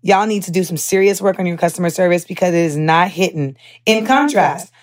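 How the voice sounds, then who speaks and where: A young woman hosting a podcast, telling a story in a candid, animated way with lots of fillers and swearing. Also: fairly low pitch, brisk, slight background noise. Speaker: podcast host. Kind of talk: casual chat.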